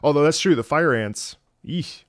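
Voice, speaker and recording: A man's voice: on the high side, moderate pace, no echo, clean studio sound. A man chatting casually on a livestream, telling joking stories and swearing often. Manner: animated, joking storyteller with frequent swearing. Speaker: streamer.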